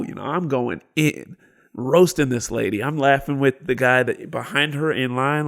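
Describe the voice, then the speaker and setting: A man in his thirties with a gravelly, fry-heavy voice sits in as a podcast co-host. He tells stories in a casual, animated way, whispering some quoted lines and shouting others as he acts them out. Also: medium pitch, moderate pace. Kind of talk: casual storytelling chat.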